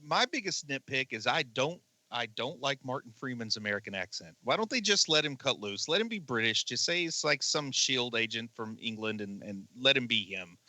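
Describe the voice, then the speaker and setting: A man co-hosting a movie podcast with a sharply bright, forceful voice at a middle pitch. He talks casually and gives strong, animated opinions with a joking edge. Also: dry recording. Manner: animated, opinionated, quick jokes. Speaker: podcast co-host.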